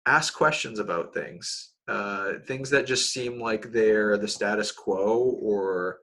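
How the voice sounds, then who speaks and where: A man's voice: on the low side, slow pace, a bit bright. A young man hosting a casual podcast chat, rambling with many fillers and restarts. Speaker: podcast host.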